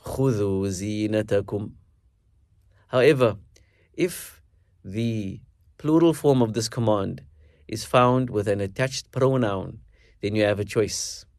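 A man with a fairly low voice teaches a recitation lesson in a measured, explanatory way. He slows down to demonstrate words carefully. The sound is close and dry, with no room around it. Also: darkish tone, no room sound. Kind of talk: instructional lesson with recited verses.

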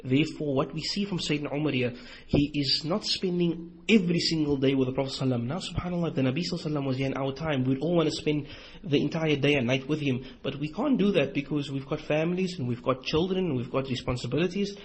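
Husky-voiced guy lecturing, retells stories with lots of quoted back-and-forth. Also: on the high side, very fast, poor audio. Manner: animated retelling with quoted dialogue. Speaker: Islamic lecturer. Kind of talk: storytelling lecture in a series.

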